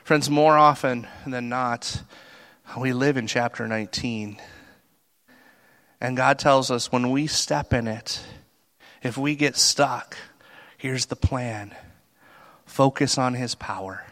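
A man preaching a sermon in a conversational, animated way, acting out the people he talks about. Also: medium pitch, takes it slowly, long pauses. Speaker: pastor.

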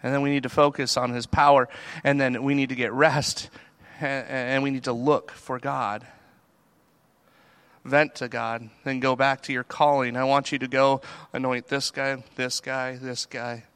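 A man preaching a sermon in a conversational, animated way, acting out the people he talks about. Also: mid-range voice, measured pace, clear, resonant tone. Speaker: pastor.

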